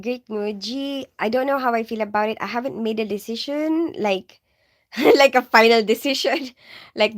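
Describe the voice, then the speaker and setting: A woman from the Philippines with a mixed Filipino and English accent, a nurse chatting casually on a livestream, giggling often and leaning on "like" and "you know". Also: sits high. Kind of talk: casual livestream chat reading viewer questions.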